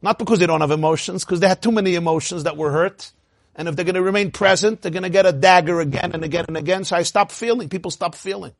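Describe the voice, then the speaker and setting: A Torah teacher with a high, husky male voice delivers a fast lecture, peppering it with rhetorical questions and bursts of laughter. The recording is dry and close-miked, with almost no room around the voice.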